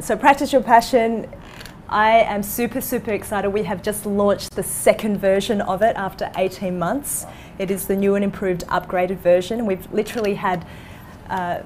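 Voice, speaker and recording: Enthusiastic woman coach pitching her course. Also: darkish tone, slight background noise. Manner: enthusiastic, storytelling, salesy. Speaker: coach for dentists. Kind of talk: course pitch in an online interview.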